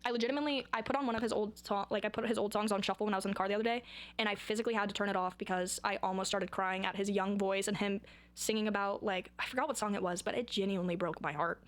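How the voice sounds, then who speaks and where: A young woman talking in a casual vlog, rambling and excitable with dramatic outbursts. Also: medium pitch, rapid-fire. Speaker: vlogger.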